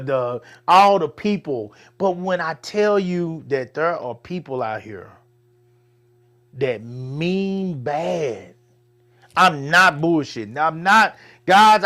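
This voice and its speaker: A man from Texas, co-hosting a casual talk show, animated and repeating himself when he gets fired up. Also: a little high. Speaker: podcast co-host. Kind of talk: casual chat.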